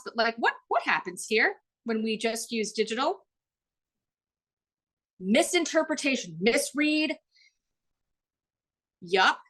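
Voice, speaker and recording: Animated, chatty woman presenter. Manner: animated, acts out quoted voices with big pitch jumps; chatty, frequent "like" and "um". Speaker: webinar presenter. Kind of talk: live online workshop talk. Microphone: video call.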